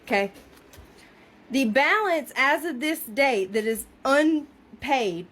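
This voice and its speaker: High-voiced woman reading slowly. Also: expressive, fairly bright tone. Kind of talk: casual vlog reading a bill aloud.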